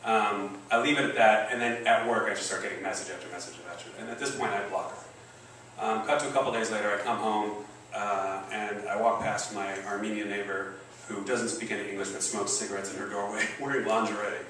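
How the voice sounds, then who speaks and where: A man in his forties tells a long stand-up story on stage, rambling, cursing and running himself down. His voice sits a little low and comes from a way off the mic in a very echoey room. A steady live-venue noise sits behind him. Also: brisk. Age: 40s. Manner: profane, rambling, self-deprecating. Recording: roomy, distant live venue recording. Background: audience laughter.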